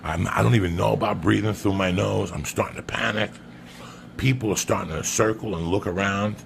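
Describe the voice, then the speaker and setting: A man's voice: on the low side, steady tone, fairly quick, gravelly, a little hiss or hum. A man telling a crude, comic story on a podcast, swearing often and calling his listener by name. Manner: profane, emphatic, keeps addressing the listener by name.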